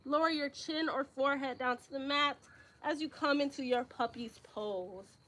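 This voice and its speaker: High-voiced, breathy young woman leading yoga. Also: moderate pace. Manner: calm guided breathing cues, with casual slang asides. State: slightly out of breath. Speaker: yoga instructor. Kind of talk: live yoga class instruction.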